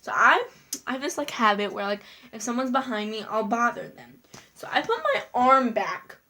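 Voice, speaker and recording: A woman's voice: on the high side, animated, normal speed, sharp tone. Chatty girl telling a story. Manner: chatty, lots of "like" fillers, giggly asides. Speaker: vlogger. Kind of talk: casual story time.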